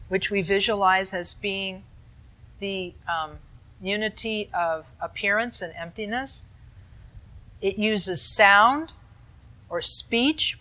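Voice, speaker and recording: A woman gives a calm dharma talk teaching meditation, her mid-range voice bright and clear. She explains things patiently and drops easy asides to her listeners.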